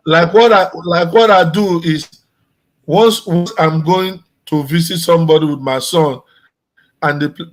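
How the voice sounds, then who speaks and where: Male guest from Nigeria, casual conversation, slightly higher voice, easygoing delivery. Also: rough recording. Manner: relaxed, conversational, with restarts. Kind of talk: casual chat.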